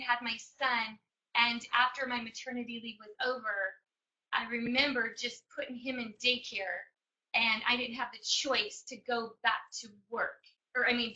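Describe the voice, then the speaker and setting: A woman from Chicago telling an audience her personal story, in an emotional, animated way. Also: fairly high pitch. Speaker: business presenter. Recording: dull lo-fi recording.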